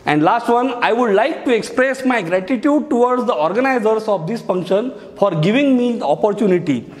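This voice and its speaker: A man's voice: sits high, expressive, a little fast. A male teacher giving a lesson on speech writing, explaining each step and repeating key phrases. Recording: echoey hall.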